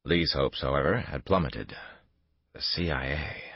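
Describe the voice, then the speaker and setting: Deep, husky male audiobook narrator. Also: a little slow, no room sound, highs cut off. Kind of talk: scripted narration.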